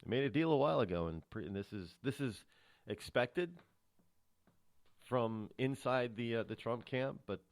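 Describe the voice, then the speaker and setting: A man hosting a radio talk show, rambling through a solo monologue of political commentary with many restarts. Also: normal speed. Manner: rambling, restarts often, animated pitch swings. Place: radio studio.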